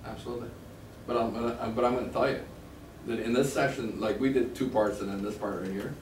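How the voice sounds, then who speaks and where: A man's voice: medium pitch, quick pace. A man giving a sales negotiation seminar to a live class, telling stories and acting out phone calls. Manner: animated, storytelling, acts out phone lines. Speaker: sales trainer. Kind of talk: seminar lecture. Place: training room with a live class. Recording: echoey room, mic far off, faint noise.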